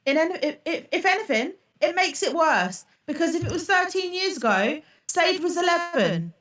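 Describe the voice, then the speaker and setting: Furious high-voiced woman streamer, a bit off-mic. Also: sing-song, moderate pace, fairly bright tone, recorded from a distance. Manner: furious, swearing, accusatory. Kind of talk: live-stream reaction rant.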